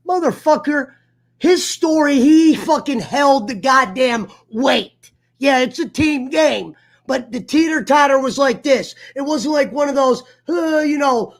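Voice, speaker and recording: A man hosting an online sports talk show, telling a heated story in a profane, fired-up rant. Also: very high voice. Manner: profane, fired-up storyteller who mimics others. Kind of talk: casual livestream rant.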